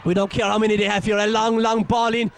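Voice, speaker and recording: An Irishman with a high, creaky voice rattles off fast, excitable commentary on a local football match, openly partisan, exclaiming and scolding the players.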